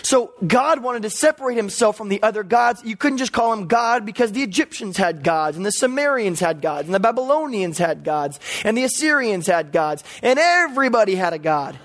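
A male pastor preaching a teaching sermon in a high, light voice. He walks through scripture point by point and drops in playful asides as he goes. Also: lively intonation, brisk, hardly any pauses, fairly bright tone.

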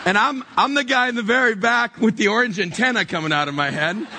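A middle-aged man preaching a storytelling sermon, animated and self-mocking, acting out dialogue from his past. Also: high-pitched, fairly quick, background noise. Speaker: pastor. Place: church stage before a congregation.

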